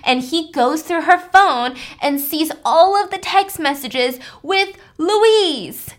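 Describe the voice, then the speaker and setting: A woman host recapping a story in a chatty, animated way with many fillers. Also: very high-pitched, slow.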